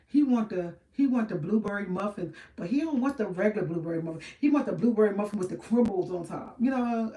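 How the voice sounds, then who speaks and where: A woman's voice: a little high, a little mellow, recorded from a distance. A middle-aged woman, chatting casually and rambling with viewers on a livestream, laughing often. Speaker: livestream host. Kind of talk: casual live chat with viewers. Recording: roomy sound from off-mic.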